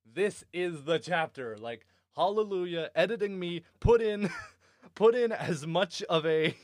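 A man hosting a casual book podcast, animated and swearing freely, often breaking into laughter. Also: high voice, measured pace, no room sound, clean studio sound. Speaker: podcast host.

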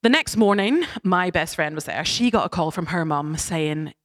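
A young woman giving a sermon, telling a personal story in a chatty, animated, self-deprecating way. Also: on the low side, moderate pace. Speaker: preacher.

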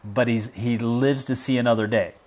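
A man hosting a livestream, talking with fervent emphasis and sinking to a hushed intensity on his gravest points. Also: mid-range voice, fairly even intonation, moderate pace. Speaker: livestream host. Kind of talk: impassioned livestream commentary.

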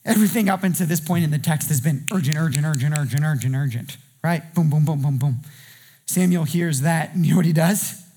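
A man preaching a sermon as pastor, impassioned, often shouting in a sing-song way. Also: on the high side, a little fast.

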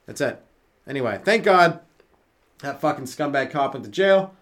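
With lively intonation, a fairly bright tone, and a mid-range voice at normal speed, this Canadian man carries a comedy podcast solo. He's short on sleep, rambling and swearing often, and he laughs at his own jokes.

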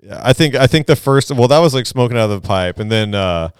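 A man's voice: medium pitch, expressive, fast. A middle-aged man, telling stories as a podcast guest in a loose, rambling way. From Southern California. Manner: laid-back, rambling, laughs through stories. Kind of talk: casual storytelling.

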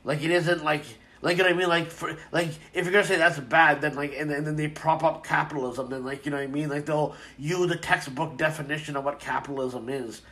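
A man's voice: on the high side, fairly even intonation, brisk, few pauses, a bit bright. A man hosting a casual commentary stream, ranting in a rambling way with lots of swearing, fillers and restarts.

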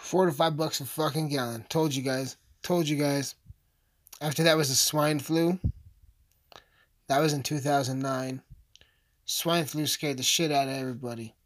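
A man's voice: fairly high pitch, fairly even intonation, moderate pace. A man delivering a rambling, profane comedic rant as a vlogger, full of asides and swearing.

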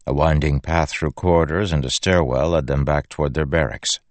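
Brief: male audiobook narrator, measured delivery, low voice. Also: fairly even intonation, no room sound. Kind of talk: scripted narration.

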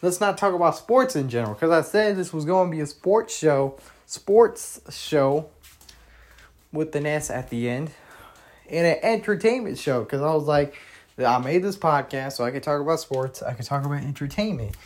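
A man's voice: fairly high pitch, animated, a little fast. A young man hosting a casual solo podcast, rambling and opinionated, with many fillers, restarts and some cursing. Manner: opinionated, with frequent mild cursing. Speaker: podcast host.

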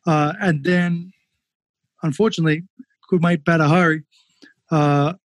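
A man, a former kickboxer, telling fight stories casually on a podcast, animated and swearing freely. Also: a little high, unhurried, no echo. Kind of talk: casual storytelling.

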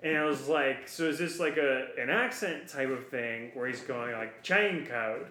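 Podcast dude chatting, goofy and rambly, mid pitch, bit of room echo. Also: male voice, measured pace, slight background noise. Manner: animated, playful, rambling asides. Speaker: podcast co-host. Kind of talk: casual podcast chat. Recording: roomy echo. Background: dog heard at times.

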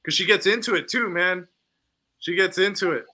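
A man's voice: high-pitched, normal speed, sharp tone. A man co-hosting a podcast, chatting casually and laughing often. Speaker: podcast co-host. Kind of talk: casual chat.

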